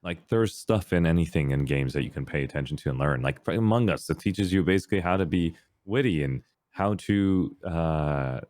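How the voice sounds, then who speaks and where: A man telling a gaming story in casual podcast chat, acting out voices with big jumps in pitch. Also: lively intonation, normal speed, hardly any pauses, darkish tone, dry recording. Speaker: podcast guest, streamer.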